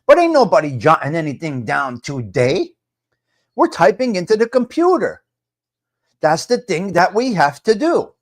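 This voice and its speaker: An older man hosting a live morning talk stream. He talks loudly and emphatically, greets chat viewers by name and repeats his points for effect. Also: high voice, wildly swooping pitch, moderate pace. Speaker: livestream host.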